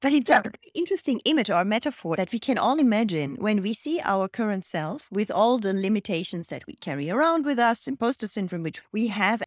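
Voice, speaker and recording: During an interview conversation, a woman host sums up her guest's points in long, thoughtful, reflective turns. Her voice is mid-range, and the recording is dry and studio quality.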